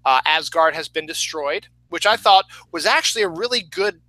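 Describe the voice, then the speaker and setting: Lively male podcast host, high and bright, dry close sound. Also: normal speed, no room sound, rough recording. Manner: animated, laughs often, acts out quotes in high voices. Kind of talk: casual movie discussion.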